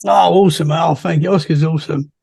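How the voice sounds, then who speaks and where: English male podcast host, high voice, gravelly, dry close sound. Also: steady tone, fast, mellow, no room sound. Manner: upbeat, laughs easily, enthusiastic praise. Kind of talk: casual chat.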